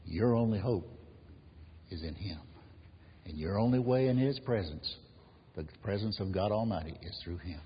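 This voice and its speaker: Low-voiced preacher in an echoey hall. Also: male voice, animated. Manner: unhurried, dropping to a hushed close at the end of phrases. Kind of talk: sermon with storytelling. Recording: echoey hall, dull lo-fi sound, faint hiss.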